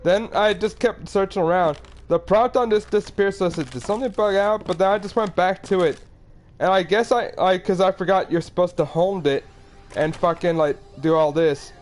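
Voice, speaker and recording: Brief: fairly high young male voice, rambling let's-play talk. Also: moderate pace. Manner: rambling, filler-heavy explaining. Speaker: game player. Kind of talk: casual let's-play commentary.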